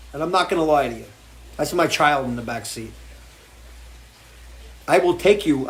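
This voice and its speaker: A man hosting a live music show, talking off the cuff in an impassioned, swearing rant full of restarts. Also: a little high. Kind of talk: off-the-cuff livestream talk. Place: home porch.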